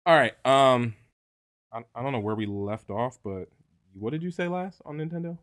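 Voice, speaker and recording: A man's voice: medium pitch, lively intonation, normal speed. A young man co-hosting a casual gaming podcast, steering the talk with jokes and frequent laughs. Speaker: podcast co-host. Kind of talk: casual chat.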